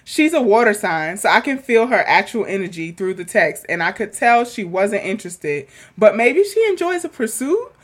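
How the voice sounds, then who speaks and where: A woman's voice: medium pitch, sing-song, moderate pace, hardly any pauses. A woman co-hosting a podcast, chatting casually and reading a listener's letter aloud with a lot of laughter. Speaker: podcast co-host.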